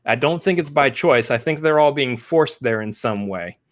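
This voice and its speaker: Casting: male co-host, casual chat, animated scene retelling. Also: medium pitch. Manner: animated retelling with quick acted-out quotes.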